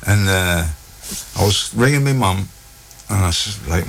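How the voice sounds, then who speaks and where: A middle-aged North East England man with a lowish voice, telling animated stories as an interview guest. A faint hiss sits under the recording. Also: unhurried, creaky. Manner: lively storyteller, animated quoted dialogue. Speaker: guest, former footballer. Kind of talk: anecdotal interview chat.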